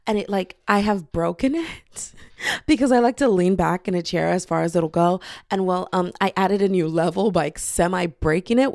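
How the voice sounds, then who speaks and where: Rambling young woman podcaster, creaky voice. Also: mid-range voice, a little mellow, no room sound, clean studio sound. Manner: rambling, playful, breaks into off-key singing. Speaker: podcast host. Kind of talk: casual solo podcast chat. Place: bedroom with hardwood floor. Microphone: podcasting mic.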